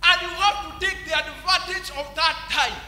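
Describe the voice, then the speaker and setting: A man's voice: very high-pitched, steady tone, normal speed, pushed and bright. A man with a Kenyan English accent preaching a sermon in a large church hall, breaking often into repeated praise refrains. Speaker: pastor. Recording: echoey church hall, music behind.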